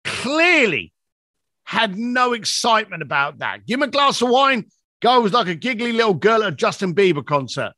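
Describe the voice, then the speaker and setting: A middle-aged man tells a story, jumping between voices as he plays out both ends of a phone call. His voice is high, bright and swings widely in pitch. The sound is close and dry. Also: sing-song, normal speed, no room sound. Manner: acts out both sides of a phone call, shifting pitch a lot. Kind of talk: animated anecdote.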